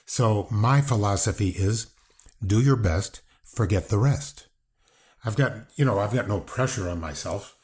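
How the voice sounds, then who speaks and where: Older man with a fairly low voice, talking as an interview guest in a blunt, combative way. He swears freely, goes back over his words mid-sentence and pushes back hard on questions. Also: unhurried, a little mellow. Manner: blunt, profane, defensive. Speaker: wrestling guest, brother of the subject. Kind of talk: casual interview talk.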